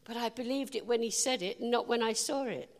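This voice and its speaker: A woman's voice: fairly high pitch, brisk. A woman preaching an informal sermon, chatty and humorous, with emphatic declarations. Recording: hall reverb.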